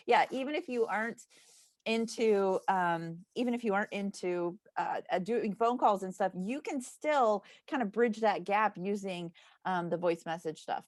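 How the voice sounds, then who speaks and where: A woman's voice: medium pitch, no echo, clean studio sound. A woman co-hosting a book club, chatting casually, laughing often and trailing off mid-sentence. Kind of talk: casual chat.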